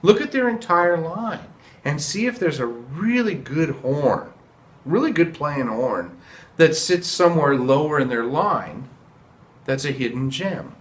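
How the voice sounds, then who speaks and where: A man's voice: fairly high pitch, lively intonation, unhurried, roomy sound. Earnest man giving a trumpet tip. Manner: earnest, repeats for emphasis. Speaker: trumpet teacher. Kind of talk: casual video lesson.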